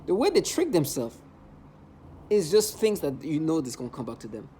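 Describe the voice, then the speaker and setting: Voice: mid-range voice, big pitch swings, moderate pace, dark tone, slight background noise. A vlogger ranting in an agitated, emotional monologue, hurling repeated insults.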